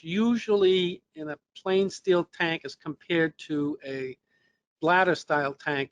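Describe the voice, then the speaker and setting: A man's voice: fairly high pitch, fairly bright tone. A man presenting a technical webinar lesson, explaining step by step with fillers and restarts, his voice a little worn. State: losing his voice.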